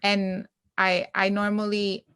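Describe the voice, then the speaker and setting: A woman in her thirties from Canada, hosting a podcast in casual, animated chat and telling stories with lots of energy. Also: medium pitch, takes it slowly, clear, resonant tone, dry recording. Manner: chatty, animated storytelling. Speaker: podcast host.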